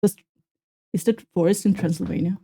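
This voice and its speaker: A woman streamer chatting casually with her viewers while reacting to a video, animated and self-mocking, with a slight Swedish accent. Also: fairly low pitch, fairly quick, creaky, breathy edge. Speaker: VTuber streamer.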